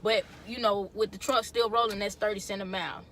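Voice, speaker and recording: A woman's voice: medium pitch, steady tone, fairly quick, fairly bright tone, a little hiss or hum. A young woman truck driver chatting casually to her viewers in a loose, slangy way. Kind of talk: casual chat to camera.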